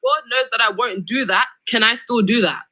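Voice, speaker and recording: A woman's voice: a little high, normal speed, over a noisy crowd, low-quality recording. A young woman hosting a live debate stream, argumentative and exasperated, pressing her question again and again. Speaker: livestream debate host.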